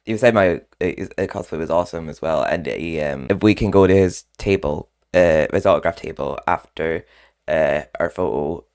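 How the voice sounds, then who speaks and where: A man's voice: a bass voice, moderate pace, gravelly, darkish tone. A man chatting casually in a rambling vlog, often laughing between remarks. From Scotland. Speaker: vlogger. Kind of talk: casual chat.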